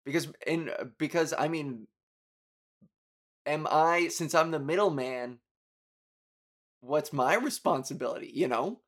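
A man's voice: fairly high pitch, a little slow, pauses often, a bit bright. Rambling, profane male podcast host. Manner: rambling, profane, self-mocking storytelling with bursts of exasperation. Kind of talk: casual podcast monologue.

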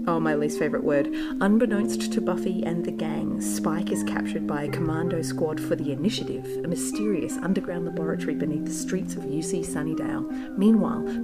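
A woman co-hosting a casual rewatch podcast, animated and swearing freely as she reads synopses aloud. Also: deep voice. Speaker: podcast co-host. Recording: faint background noise.

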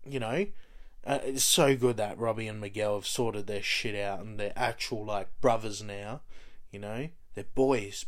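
A man's voice: lowish voice, unhurried. A man casually recapping a TV show, rambling and swearing, full of fillers like "you know" and "like.". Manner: profane, rambling, heavy on fillers. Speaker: TV show fan recapping episodes.

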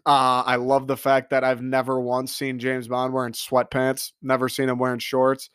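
A man delivering an excitable, profane comedic rant monologue, riffing with mock quotes. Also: medium pitch, moderate pace, smooth, no echo, studio quality. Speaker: comedic commentator.

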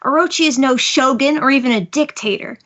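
A woman's voice: sits high, a little fast, a bit bright. Woman reading as a fierce female ninja. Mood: scolding. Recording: slightly muffled podcast audio.

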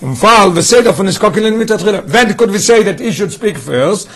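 A man leads a Torah study class in a high, husky voice. He keeps asking his listeners questions and starts phrases over as he works through the text. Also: lively intonation, brisk, a bit bright. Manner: questioning, restarts phrases, quizzes students. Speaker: teacher.

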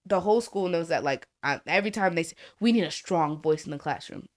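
Her voice is lowish, expressive, and a little fast as this young podcast co-host tells stories from her school job in a casual storytelling chat. She curses without restraint and does impressions of the kids.

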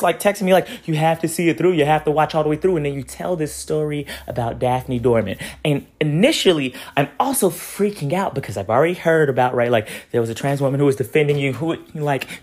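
Furious, swearing man on a rant. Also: husky. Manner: angry, profane, repetitive "right?" tags; swings from loud outbursts to low hushed lines. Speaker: commentator. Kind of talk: heated monologue addressed to a comedian.

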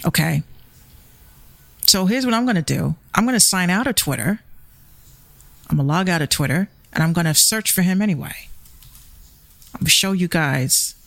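A woman's voice: lowish voice, gravelly, fairly bright tone, no echo. Heated foul-mouthed Bronx woman. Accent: Bronx New York. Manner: profane, heated, confrontational. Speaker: show host. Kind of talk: ranting commentary vlog.

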